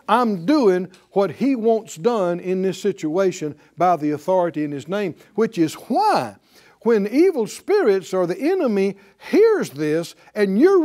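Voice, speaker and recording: Preaching as a pastor, a high-pitched man delivers an animated sermon, putting rhetorical questions to his congregation.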